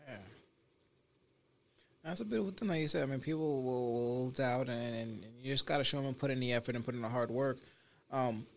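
A man's voice: medium pitch, fairly quick, creaky. A man interviewing a guest, asking questions in a hesitant way and stopping often to find his words.

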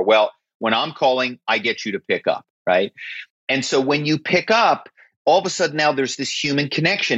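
A man's voice: on the high side, a bit bright, slightly rough, no room sound, dull audio. A man, a former corporate spy, telling stories as an interview guest in an emphatic way. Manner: emphatic, keeps asking "right?".

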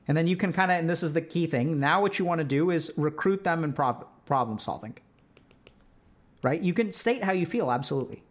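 A podcast host with a fairly high, bright voice talks briskly through relationship advice, keeping it casual with lots of "like" and "right?" check-ins. He slips into role-played example dialogue as he goes.

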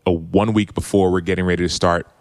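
A man's voice: low voice, fairly even intonation, quick pace. A man in his thirties, a podcast guest and former football player, earnestly telling a personal story with many restarts. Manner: earnest, open, retelling quotes with frequent restarts. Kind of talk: reflective storytelling.

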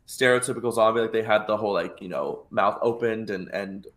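A man's voice: on the low side, fairly quick, a bit bright. A man co-hosting a podcast, chatting casually and gushing with enthusiasm while reviewing a show. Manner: gushing and enthusiastic, with many fillers and restarts. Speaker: podcast co-host.

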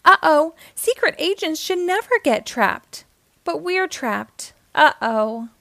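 A jumpy cartoon boy spy , played by a woman reader who is quick to panic, his voice swinging up and down. He talks high and animated over a dry, close sound. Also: dry recording, full character voice. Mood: excitable. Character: excitable young male cartoon spy leader. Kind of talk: children's read-aloud.

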